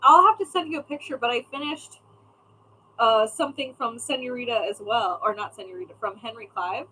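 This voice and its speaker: Woman, casual livestream host, fairly high voice, chatty, faint background hiss. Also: brisk, bright, forceful tone, low-quality recording. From California. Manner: chatty, talks to viewers by name, trails off while searching.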